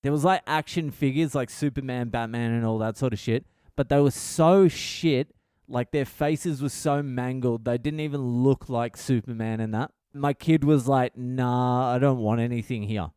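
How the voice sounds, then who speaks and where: A foul-mouthed comedian man from Australia, in his thirties, tells his story in a rambling, exasperated rant. His voice is mellow and smooth. The podcast mic sounds close and dry. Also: mid-range voice, normal speed, no echo. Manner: swears constantly, rambling and exasperated. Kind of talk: comic storytelling monologue.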